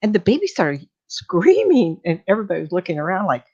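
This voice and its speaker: Older woman, medium, chatty storyteller, low-ish voice, dull lo-fi sound. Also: quick pace, slightly rough. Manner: chatty, animated, laughs while telling stories. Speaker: psychic medium guest. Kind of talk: casual storytelling on a radio show.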